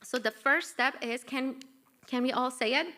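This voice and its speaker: A middle-aged woman with a Persian accent giving a lively talk at her book launch, coaxing the audience and asking for agreement. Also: sits high, normal speed. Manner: animated, coaxing, asks the room for agreement. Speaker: author and workshop speaker. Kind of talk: live book launch talk with group exercises. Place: event room with live audience.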